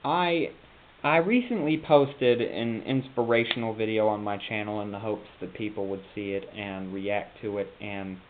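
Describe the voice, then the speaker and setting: A young man vlogging in a rambling, halting monologue, slipping into a put-on Southern drawl. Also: lowish voice, steady tone. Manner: meandering, self-interrupting, halting. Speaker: YouTube vlogger. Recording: phone-like lo-fi with faint hiss.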